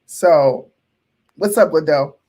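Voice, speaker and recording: Woman, co-host, blunt, outspoken, slightly low voice. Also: takes it slowly, mellow. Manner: blunt, outspoken, casual swearing. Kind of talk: casual political commentary chat.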